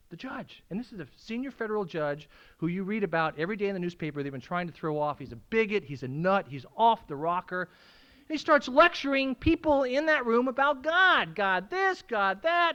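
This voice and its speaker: A man sharing his recovery story at a meeting, swinging from hushed, tearful moments to loud laughing outbursts. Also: high voice, big pitch swings, brisk, clean tone, lo-fi sound. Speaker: AA speaker. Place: meeting room at a school.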